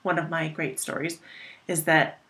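Candid storytelling mom on a podcast. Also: female voice, low voice, level tone, moderate pace, fairly bright tone. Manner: candid storytelling, swears freely, laughs at herself. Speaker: podcast co-host. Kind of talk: casual chat.

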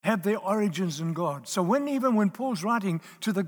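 Here a man delivers a sermon to a live audience in a brisk, expressive voice that sits high. Emphatic in tone, he keeps repeating his main lines and asks whether people are still with him, while the big hall adds a long echo.

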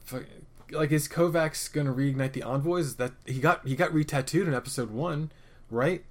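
A man casually recapping a TV episode, opinionated and profane, rambling with restarts and swinging between loud rants and muttered asides. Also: fairly high pitch, moderate pace. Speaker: podcast host reviewing a TV episode.

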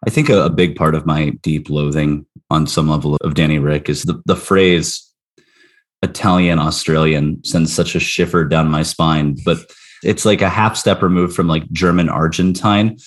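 A man's voice: very deep voice, fairly even intonation, normal speed. An American man in a casual comedic chat, wry and sardonic with stumbling restarts. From United States.

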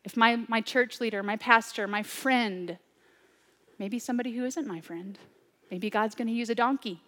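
Woman preacher, kinda high voice, goes from loud and urgent to almost whispering, big echoey hall. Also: moderate pace. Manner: swings between loud urgent preaching and hushed near-whispers. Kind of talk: sermon.

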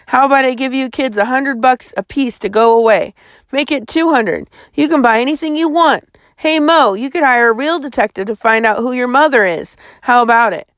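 A cold, sly grown villain who wheedles and snarls, pitched a little high and pushed forward, as a woman reader puts him on. The voice sits close and dry, with no room around it. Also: expressive, moderate pace, hardly any pauses, fairly bright tone, no room sound. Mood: sly bargaining.

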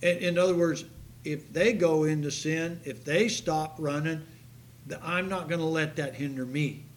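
A man preaching a sermon to his congregation, telling a story with animated delivery that rises to near-shouts. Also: fairly high pitch, moderate pace, slight background noise. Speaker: pastor. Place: church sanctuary.

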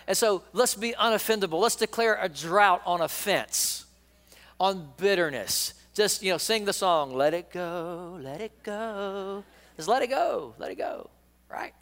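A man's voice: high voice, a bit bright, long reverb tail. A middle-aged man, a pastor, preaching a sermon in a folksy, joking way and calling his congregation to repeat lines after him.

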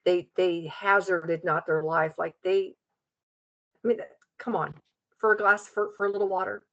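A woman's voice: lowish voice, moderate pace. A woman in casual conversation, animatedly retelling a story. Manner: animated, retelling stories with quotes. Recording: dull lo-fi audio.

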